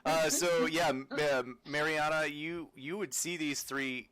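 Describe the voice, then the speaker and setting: A man narrating a tabletop game as game master, halting and full of fillers. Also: on the high side, fairly even intonation, pushed and bright, clear, resonant tone, no room sound, rough recording. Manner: halting, many fillers and restarts.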